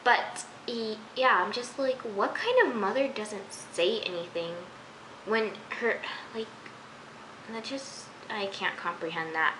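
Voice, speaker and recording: A woman's voice: a little high, animated, slow. A young woman casually reviewing a TV episode, rambling with many fillers and incredulous asides. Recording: echoey room with faint hiss.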